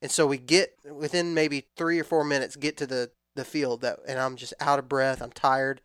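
A man in his thirties telling a long hunting story in a relaxed, rambling way with frequent restarts. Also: medium pitch, moderate pace, smooth, no room sound, studio quality. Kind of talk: casual storytelling chat.

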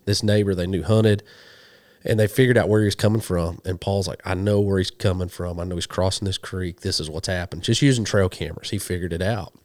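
A man from western Oklahoma, a hunting show guest, telling animated stories in a casual interview and quoting people as he goes. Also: low voice, a little fast, no room sound, clean studio sound. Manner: animated storyteller, quotes people in dialogue.

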